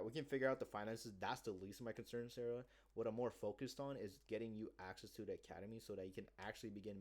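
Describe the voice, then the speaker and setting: Man, slightly low voice, casual vlog monologue, cocky, rambling, swears, salesy. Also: darkish tone. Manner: rambling, cocky, profane, acting out sales pitches. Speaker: sales job seeker.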